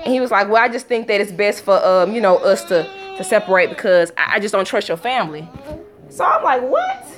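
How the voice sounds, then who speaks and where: A woman casually telling a storytime vlog at home, acting out quotes with sudden pitch jumps and breaking off to talk to her young children. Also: fast, hardly any pauses. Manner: talks to her toddlers between story bits. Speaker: vlogger.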